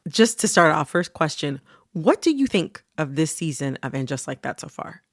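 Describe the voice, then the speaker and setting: A woman hosting an interview podcast, lively and engaged with her guest. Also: deep voice, moderate pace, no room sound, studio quality. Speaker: podcast host.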